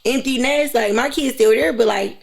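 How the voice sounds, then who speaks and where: A woman's voice: fairly high pitch, normal speed, creaky. A woman in her thirties, a podcast guest, giving earnest, encouraging advice in casual chat.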